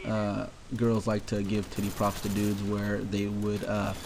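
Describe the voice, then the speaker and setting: A man's voice: on the low side, monotone, unhurried, creaky, background noise. Rambling young man telling a story. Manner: rambling, offhand, lots of fillers. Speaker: vlogger. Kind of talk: casual storytelling.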